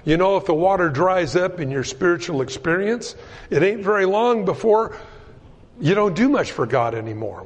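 A man's voice: high-pitched, big-room sound. A man preaching a sermon to his congregation, speaking animatedly and acting out the voices he quotes. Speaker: pastor.

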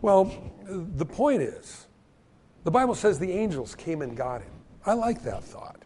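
A man's voice: high voice, unhurried, slight background noise. A man preaching a sermon as pastor, telling the stories with energy and acting out the voices of the people in them. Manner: animated storytelling, acting out quoted voices.

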